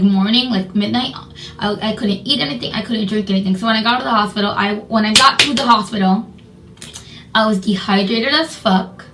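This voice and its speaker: Young woman vlogger, sore-mouthed, profane and emphatic, bright tone, distant roomy mic. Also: a little high. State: sore mouth after dental surgery. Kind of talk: storytime vlog.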